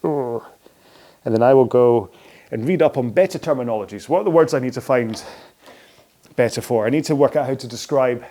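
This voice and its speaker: A man's voice: medium pitch, normal speed, long pauses, dark tone. A man leading a follow-along stretching cooldown, chatty and rambling, laughing at his own slips, speaking into a microphone close to his chin. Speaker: rowing and fitness instructor. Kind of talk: follow-along workout instruction. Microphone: microphone close in front of his chin.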